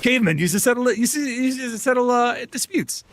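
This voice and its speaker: A man live-streaming a game, chatting excitedly with his viewers and laughing often. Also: very high-pitched, fairly quick, slight background noise. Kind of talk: casual gaming stream chat.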